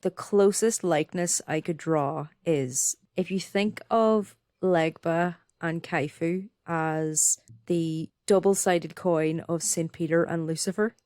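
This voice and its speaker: A woman's voice: deep voice, a little mellow, clean tone, no echo, clean studio sound. Stuffy-nosed woman podcaster. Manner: playful, chimes in with quips and laughs. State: nasal from a cold. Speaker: podcast co-host. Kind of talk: casual podcast chat.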